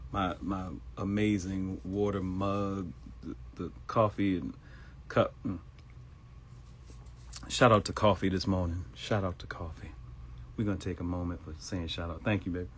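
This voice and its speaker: A middle-aged man from Baltimore hosting a live stream, animated and chatty, greeting viewers by name and joking. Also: low voice. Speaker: live show host. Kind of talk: live-stream casual chat.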